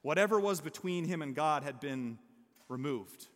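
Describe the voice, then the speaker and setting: A man's voice: a little high, moderate pace. A male pastor preaching a conversational sermon to his congregation, mixing humor with earnest emphasis and checking in with "okay?" and "amen?". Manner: lively storyteller who mixes humor with earnest emphasis. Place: church service before a congregation. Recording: long hall reverb.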